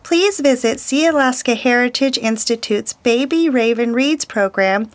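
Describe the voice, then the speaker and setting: A woman storyteller reading a children's picture book aloud, slow, gentle and deliberate. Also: a little high.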